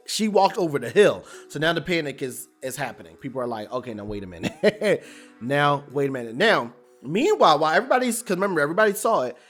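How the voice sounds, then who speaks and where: A man casually recapping a TV episode, animated and colloquial, rambling with restarts. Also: a little high.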